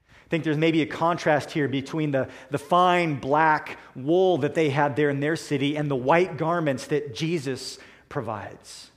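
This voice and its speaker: A man preaching a sermon in a deliberate, emphatic way, slowing down to stress key words. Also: a little high.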